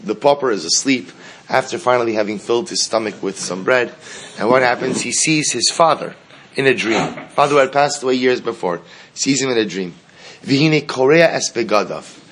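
Male teacher, animated storyteller, reads and translates, medium pitch. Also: moderate pace. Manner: animated, repeats words as he translates. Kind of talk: storytelling lesson, reading and translating a text.

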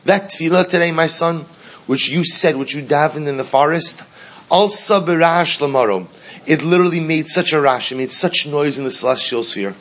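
A man's voice: fairly high pitch, moderate pace, fairly bright tone, lightly acted. A man voicing the spirit of a grieving father, speaking to his son with urgent passion. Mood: impassioned. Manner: urgent, impassioned.

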